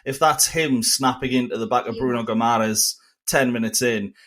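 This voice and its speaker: A man hosts a relaxed football podcast in an easy, upbeat way. His voice sits at an ordinary middle pitch, and he laughs readily between points. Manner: chatty and upbeat, quick to laugh. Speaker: podcast host. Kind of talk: casual football podcast chat.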